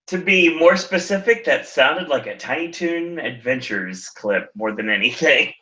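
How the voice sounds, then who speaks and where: Man, podcast host, bright voice, muffled lo-fi sound, plain play-by-play recap. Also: a little high, expressive, measured pace. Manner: plain play-by-play recounting, dry asides. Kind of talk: casual wrestling recap chat.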